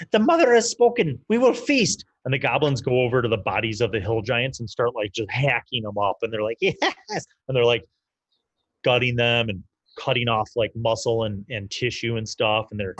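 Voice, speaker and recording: A man's voice: medium pitch, steady tone, moderate pace, a bit bright, dry recording, dull audio. A man narrating as game master in a casual, loose way, with lots of fillers.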